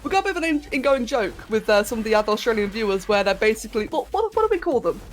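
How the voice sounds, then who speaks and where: Young British woman, game streamer, casual and giggly, slightly high voice, faint music underneath. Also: sing-song, racing. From Britain. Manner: chatty, giggly, talks to chat. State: sore throat. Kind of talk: casual live-stream chat while gaming.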